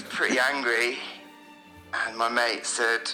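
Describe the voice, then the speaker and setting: Caller guy from bristol, super bright voice, easygoing storytelling with lots of hedging. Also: medium pitch, unhurried, soft background music, rough recording. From Bristol, England. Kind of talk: telling an anecdote on a podcast call.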